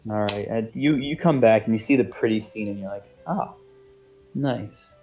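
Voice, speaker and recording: A man's voice: on the low side, fast talker, soft background music. A man narrating as game master, rambling and hesitant with many fillers. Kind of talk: narrating a tabletop game over voice chat.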